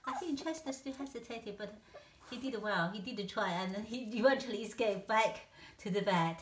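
Talking to her puppies in a playful, sing-song way, a woman laughs frequently while filming a casual home video. She has a mid-range voice with lively intonation at normal speed, captured in an echoey room with noticeable background noise.

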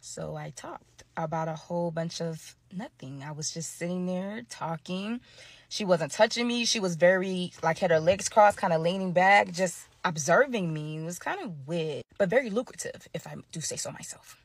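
A young adult woman telling a personal story in a chatty, animated, slangy way. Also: lowish voice, normal speed, dry recording. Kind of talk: casual storytime.

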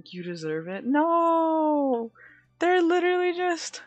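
A woman's voice: medium pitch, lively intonation, a little slow, a bit bright, no echo, soft background music. A woman streaming live, chatting casually with viewers in a giggly, dramatic way, laughing often.

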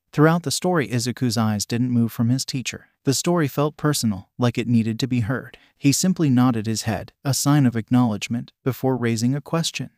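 Give me a man narrating a story, an even, unhurried reading with a dry, close sound. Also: medium pitch, dry recording. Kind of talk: scripted fan-fiction narration.

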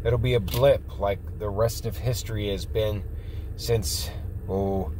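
A man rambling casually in a video blog, reassuring his viewers in a folksy, drawn-out way. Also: lowish voice, fairly even intonation, dark tone, slight background noise. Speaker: vlogger.

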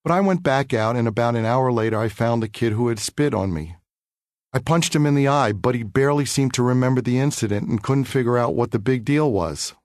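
Man narrating his own memoir in a studio, measured and earnest, mid-pitched, with a dry close sound. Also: darkish tone, no echo. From New York City. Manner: measured, earnest, reflective reading. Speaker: author reading his memoir.

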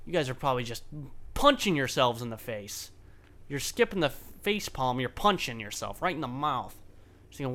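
Brief: male let's play host, bright voice, chatty self-deprecating commentary with faint noise behind. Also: mid-range voice, lively intonation, moderate pace. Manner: rambling, self-mocking, swears freely. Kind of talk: casual gameplay commentary.

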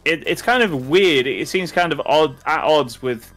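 A man's voice: a little high, lively intonation, moderate pace, a bit bright, soft background music. A man from the UK chatting casually while playing a game, rambling with many fillers and restarts. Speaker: co-host. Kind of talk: casual chat over gameplay.

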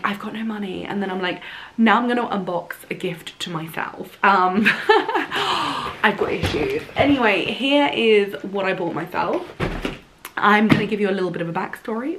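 A woman, chatting casually to camera at home while ill and a little hoarse. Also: medium pitch, fairly bright tone, rough recording. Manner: chatty, rambling, self-deprecating. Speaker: vlogger.

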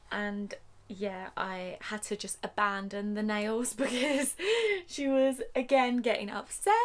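A woman chatting casually to camera at home as a vlogger and new mother, laughing often. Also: mid-range voice. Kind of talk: casual vlog chat to camera. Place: at home, indoors.

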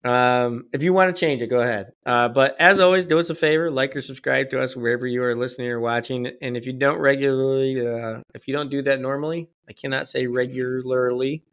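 Male podcast host, mid pitch, talkative, jokey, easy laugh, casual business chat. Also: steady tone, a bit bright. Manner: talkative, joking, quick to laugh. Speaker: podcast host, company CEO.

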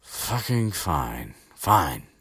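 A man's voice: low voice, sing-song, extremely slow, fairly bright tone, slightly rough, exaggerated voice. A man voicing an exasperated teenage boy wizard who is blunt and swears under his breath. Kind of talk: comic retelling with voices.

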